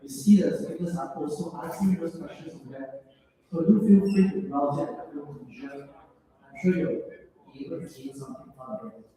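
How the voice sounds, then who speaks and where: A man's voice: fairly high pitch, a little fast, mellow. A man moderating a conference, making announcements in a reassuring way and stumbling a little on names. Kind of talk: event announcements. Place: large conference hall. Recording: echoey hall from far off.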